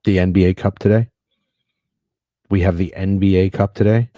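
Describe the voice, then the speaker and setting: The sports betting stream host has a deep voice and a moderate pace, recorded with no room sound. He's excitable and profane, rambling casually as he goes through games and bets.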